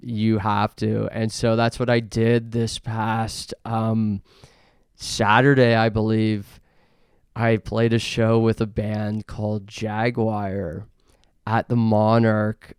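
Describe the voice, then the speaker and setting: Young male podcast host from Canada, unhurried gravelly delivery, deadpan absurd riffs, dry close mic. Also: fairly low pitch, no room sound. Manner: absurd deadpan bits, frequent fillers. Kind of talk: rambling comedic monologue.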